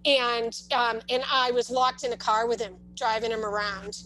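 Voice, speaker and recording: A woman's voice: a little high, steady tone, normal speed, sharp tone, poor audio. A woman telling a long personal story as a parent, in casual talk with many restarts and asides. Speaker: parent sharing her experience.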